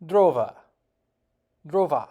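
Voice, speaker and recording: A man talks in a relaxed, folksy way, cracking jokes as he chats to the camera. His tone is casual and unpolished, the way a hobby vlogger sounds when testing his own pronunciation. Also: a little high, slow, breathy edge. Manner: joking, folksy, tries out foreign words. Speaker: video host. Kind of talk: casual vlog commentary.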